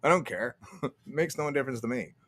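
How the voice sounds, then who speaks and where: A man's voice: medium pitch, expressive, a little fast, fairly bright tone. Profane, sarcastic male streamer ranting. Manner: profane, sarcastic, laughing often; reads out and answers chat. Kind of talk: ranting livestream commentary.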